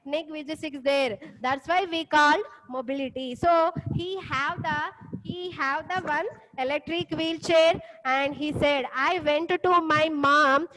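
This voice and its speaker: A woman teacher with a Telangana Indian English accent giving an online class, explaining slowly with many repetitions. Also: high-pitched, a bit bright, long reverb tail, slight background noise, low-quality recording.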